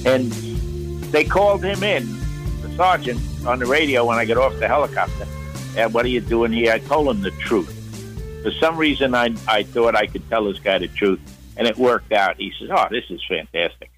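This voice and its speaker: A man's voice: mid-range voice, moderate pace, fairly bright tone, faint music behind, poor audio. A man in his seventies or older, a veteran guest recounting a story in a rambling way and acting out quotes. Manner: rambling, with frequent "uh" and acted-out quotes. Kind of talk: storytelling interview.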